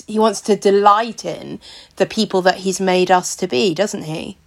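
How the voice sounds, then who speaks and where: A woman hosting a podcast interview, thoughtful and measured as she asks her questions. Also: mid-range voice, vocal fry. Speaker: podcast host.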